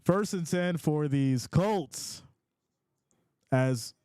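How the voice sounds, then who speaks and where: A man hosting a casual live sports reaction stream, reading chat comments aloud in a playful, animated way. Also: fairly high pitch, extremely slow, clear, resonant tone, dry recording, clean studio sound. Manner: animated and playful, often laughs.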